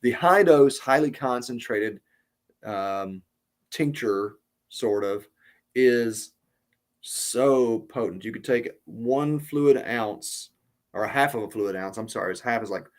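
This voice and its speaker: Podcast host, male, mid-pitched, casual storyteller who rambles and restarts his sentences. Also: slow pace. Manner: rambling, many ums and restarts.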